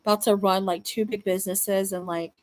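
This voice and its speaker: A woman's voice: medium pitch, steady tone, brisk, a little mellow. A young woman chatting casually to her livestream viewers, blunt and swearing freely, often restarting her sentences. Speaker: livestream host.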